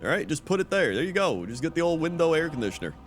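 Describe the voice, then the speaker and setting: A man's voice: fairly high pitch, very animated, fast, faint music behind. A young man streaming, chatting casually with a rambling, profane storytelling manner. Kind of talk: casual chat.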